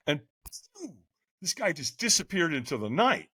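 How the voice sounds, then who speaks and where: A man guest on a podcast, telling a personal story in an animated way, often checking in with a quick "right?". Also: on the high side, husky. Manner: lively, keeps asking "right?".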